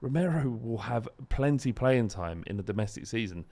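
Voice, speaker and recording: A man's voice: mid-range voice, moderate pace. Ranting man on a football podcast. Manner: animated, ranting, joking. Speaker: podcast host. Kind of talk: casual podcast banter.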